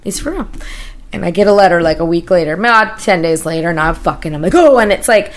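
A woman's voice: lowish voice, fast. A woman in her thirties co-hosting a podcast, telling a rambling, profane story in casual chat. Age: 30s. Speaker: podcast co-host.

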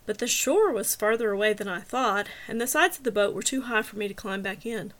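A woman narrating a story in the first person, steady and even. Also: mid-range voice, fairly quick. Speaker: audiobook narrator.

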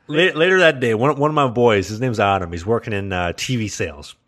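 This podcast host is a young man with a fairly low, quick voice. He's in casual chat, laughing a lot as he tells a crude work story in an animated way.

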